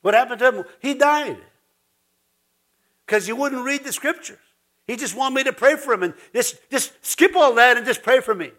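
Male pastor, informal sermon; high, bright voice, chatty, laughs often, restarts mid-sentence. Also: normal speed.

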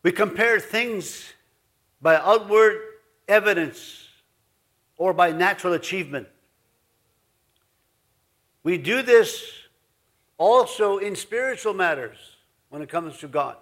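High-voiced man preaching casually. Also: expressive, takes it slowly, pauses often, a bit bright. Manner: rambling, folksy, digressive with many asides. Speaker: pastor. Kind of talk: conversational sermon. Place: church.

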